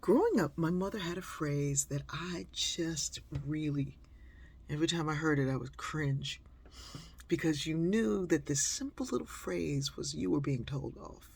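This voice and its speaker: An older woman with a gravelly, husky voice tells a personal story. She keeps it conversational, unhurried and close, and often slows down and drops to a near whisper on the key points. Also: sits low. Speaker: speaker and author.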